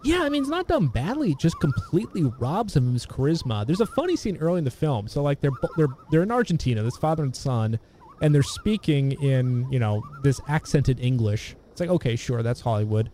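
Man, casual film chat, halting, rambling, relaxed dark tone. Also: a little high, slight background noise. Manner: rambling, halting, many restarts and fillers.

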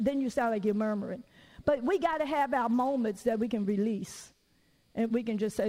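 Woman preacher, high voice, folksy and conversational, long hall reverb. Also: brisk, darkish tone. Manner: conversational, folksy, acts out quotes. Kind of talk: sermon.

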